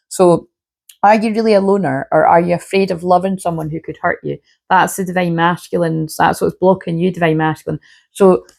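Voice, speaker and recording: Gravelly-voiced woman, sore-throated. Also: fairly low pitch, a little mellow. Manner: rambling, chatty, swears freely, many "you know what I mean". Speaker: shamanic healer and spiritual reader. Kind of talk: casual spiritual reading monologue to camera.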